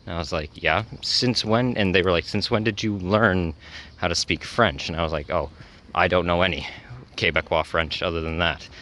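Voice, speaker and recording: A man's voice: sits low, steady tone, brisk, pushed and bright, slight background noise. A man talking casually in a travel vlog, rambling with lots of fillers and self-corrections. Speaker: travel vlogger.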